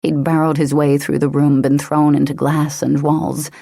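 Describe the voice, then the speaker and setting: A woman narrating an action-romance audiobook in a steady, dramatic manner. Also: sits low, normal speed, gravelly, dry recording, clean studio sound. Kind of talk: scripted narration.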